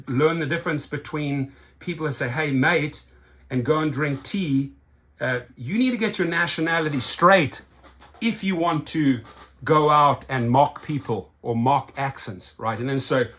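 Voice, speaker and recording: A man's voice: fairly high pitch, a bit bright. Emphatic man ranting in a vlog. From South Africa. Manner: emphatic, keeps tagging lines with "right?". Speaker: rideshare channel host. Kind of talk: opinion commentary vlog.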